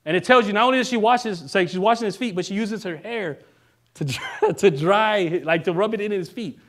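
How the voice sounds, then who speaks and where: A male minister giving a relaxed, conversational sermon, joking now and then and often checking in with the congregation. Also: high voice, fairly quick. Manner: casual and joking, keeps asking the congregation "right?".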